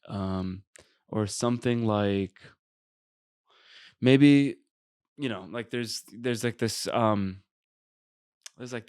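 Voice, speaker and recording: A man's voice: lowish voice, vocal fry, darkish tone, no room sound, clean studio sound. A man hosting a solo spiritual podcast, rambling earnestly with lots of fillers and casual swearing. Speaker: podcast host.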